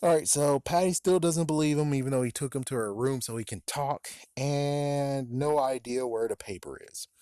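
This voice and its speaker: A man's voice: medium pitch, normal speed, few pauses, dark tone, dry recording, studio quality. A man giving a casual, rambling spoken book review, swearing freely and laughing at his own jokes. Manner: rambling, profane, laughs often.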